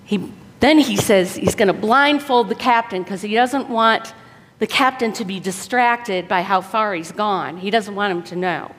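A woman preacher giving an earnest, exhorting sermon, often dropping soft for emphasis. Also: mid-range voice, measured pace. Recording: long hall reverb.

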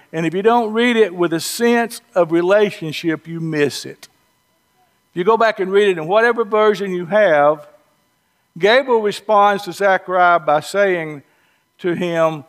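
Southern preacher man, high-ish voice, chatty folksy sermon, jokes around. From Southern US, North Georgia or North Alabama. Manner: folksy, conversational, storytelling, humorous asides.

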